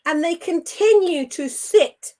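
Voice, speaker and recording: A woman's voice: very high-pitched, over a noisy crowd. A middle-aged woman co-hosting a Christian show, speaking earnestly and with indignant emphasis. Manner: emphatic and indignant, with measured phrasing. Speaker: co-host of a Christian online show. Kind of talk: earnest spiritual talk.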